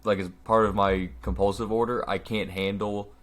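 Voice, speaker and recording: Low-voiced man, halting casual talk. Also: level tone, fairly bright tone. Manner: halting, filler-heavy. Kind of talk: casual podcast chat.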